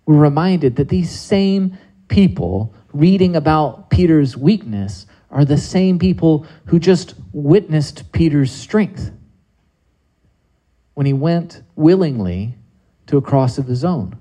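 A man's voice: a little high, lively intonation, slow, mellow, rough recording. A man preaching a sermon in a conversational way, with many rhetorical questions to his listeners.

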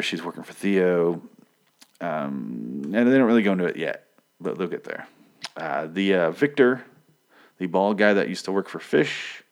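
A man giving a casual, rambling recap of a TV episode, profane and full of joking asides. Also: low voice.

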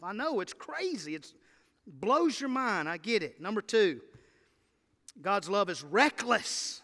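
A man preaching a sermon to his church, impassioned and building to loud emphatic lists. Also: high voice, very animated, slow pace. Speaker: pastor. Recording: church hall reverb.

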